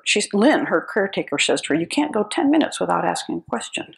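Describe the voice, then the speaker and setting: A woman's voice: medium pitch, big pitch swings, fast talker, vocal fry, few pauses, low-quality recording. An older American woman giving a lecture, telling wry, humorous anecdotes in a storytelling manner. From United States. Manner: wry, storytelling, chuckling at her own tales. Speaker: speaker.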